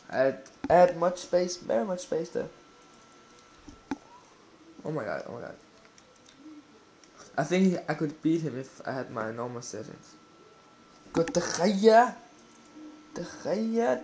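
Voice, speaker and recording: A man giving live commentary while playing a football video game, exclaiming and swearing excitedly at the action. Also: a little high.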